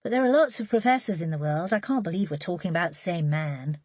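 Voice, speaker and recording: A woman voicing a thoughtful woman writer who speaks in a gentle, measured way, in an audiobook reading. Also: fairly low pitch, no echo, close to an everyday voice.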